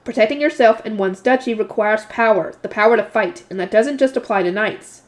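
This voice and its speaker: A woman's voice: a little high, fairly quick, lightly acted. A woman reading as a fiery male combat professor. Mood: passionate lecture.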